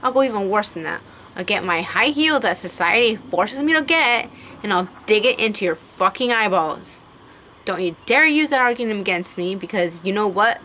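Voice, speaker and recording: A woman's voice: medium pitch, lively intonation, normal speed, pushed and bright. A young woman with a mid-range voice rants to camera, heated and swearing freely. She rambles through fillers and restarts as she vents. A faint hiss of noise sits under her. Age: young adult. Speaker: vlogger. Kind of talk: ranting to camera.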